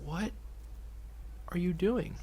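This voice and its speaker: A young man giving casual let's play commentary as a gaming YouTuber, swinging from low mutters to loud excited outbursts. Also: slow pace, breathy edge.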